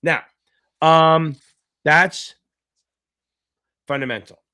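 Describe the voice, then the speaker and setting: A man's voice: on the high side, fairly even intonation, extremely slow, bright, forceful tone, slight background noise. A man tutoring for a finance exam in a live online Q&A, chatty and joking, swearing freely and reading out viewer names between explanations.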